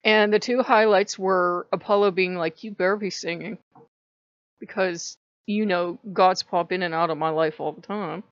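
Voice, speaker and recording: A woman vlogging from home in casual chat, animated and prone to laughing as she tells a story. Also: on the low side, normal speed, clean tone, no echo, muffled recording.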